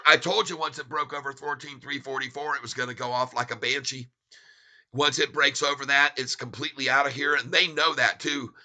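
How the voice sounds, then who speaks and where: Gleeful man calling stock prices live, bright. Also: a little high. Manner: gleeful, excitable, chuckling at the market. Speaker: stock-trading streamer. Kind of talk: live stock-trading commentary.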